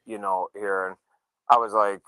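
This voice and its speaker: A man in casual chat telling a story, acting out the quoted dialogue in a relaxed way. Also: fairly low pitch, moderate pace, no room sound, rough recording. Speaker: show regular, motorcyclist.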